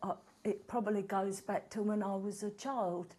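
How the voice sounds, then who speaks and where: A woman's voice: medium pitch, steady tone, moderate pace, mellow, husky, lightly acted. A woman playing an earnest, self-pitying middle-aged activist, rambling and dramatizing her own story in a one-woman comedy show. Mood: tearful, confiding. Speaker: guest in a comedy sketch.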